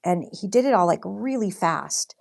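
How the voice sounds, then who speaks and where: A woman's voice: mid-range voice, animated, normal speed, gravelly, darkish tone. A young woman chatting casually on a livestream while she paints, telling a story with lots of fillers and reading out viewer comments. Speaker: livestream host and artist.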